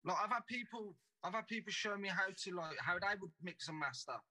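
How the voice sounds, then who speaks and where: A young man, his voice sitting high and bright with a hard, cutting edge. He tells sweary stories at a rapid clip in a relaxed podcast chat. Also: low-quality recording. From Birmingham, England. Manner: fast, sweary storytelling. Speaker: podcast guest. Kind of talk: casual chat.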